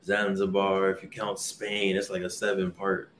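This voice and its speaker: A podcast host with a low, monotone voice talks at normal speed, sounding a bit bright, with reverb and a slight hiss or hum. Indoors at vacation lodging abroad, he keeps his casual show upbeat with hype-man energy and repeated catchphrases.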